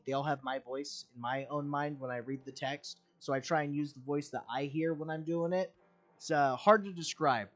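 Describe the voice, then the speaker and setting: A young man streaming a game, talking in casual commentary, rambling and candid, with frequent fillers and the odd curse. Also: medium pitch.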